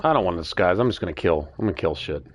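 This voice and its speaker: A man's voice: sits low, animated, rapid-fire. A man playing a game with a friend, chatting casually in a playful, brash, teasing way. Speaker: co-player. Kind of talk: casual gaming chat.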